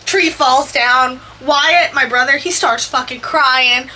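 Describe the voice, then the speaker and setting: A woman's voice: high-pitched, pushed and bright. A young woman telling a chatty, profane story over a video game build. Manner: chatty, profane, quick asides. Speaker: Sims builder and vlogger.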